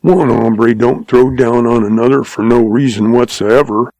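A man's voice: medium pitch, measured pace, darkish tone, no echo, lightly acted, low-quality recording. A man putting on a grumbling old rancher. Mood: gruff. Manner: growling, gruff drawl.

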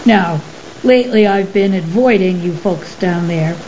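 A woman doing a huge gruff male creature. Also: fairly low pitch, unhurried, natural voice. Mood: chatty. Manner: blunt, exasperated, loud. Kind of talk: audiobook character reading. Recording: slightly muffled with faint hiss.

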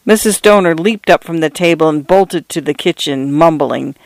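A man narrating a short story in a measured, even reading voice. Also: a little high, vocal fry, no room sound.

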